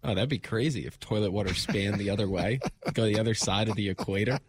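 A man's voice: lowish voice, fast talker, slight background noise. A man co-hosting a sports talk radio show, reading out news in a dry way and joking along in casual chat. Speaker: radio co-host.

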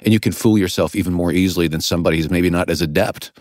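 A man's voice: low-pitched, rapid-fire, a little mellow, no room sound, studio quality. A man who is an author and radio host, a guest in an interview, explaining ideas in a thoughtful, self-deprecating way. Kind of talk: conversational interview.

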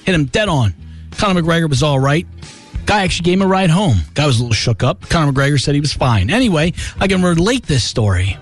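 An animated male radio host spins a casual story from his childhood, his voice high and swooping all over the place as he acts out the people in it. Faint music sits behind him. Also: fast talker. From New Jersey.

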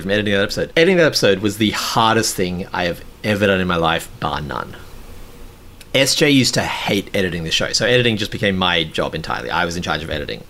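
A man's voice: on the low side, fairly bright tone. A man frankly recounting his own mistakes as a podcast host, self-critical and casually swearing. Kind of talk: candid personal storytelling.

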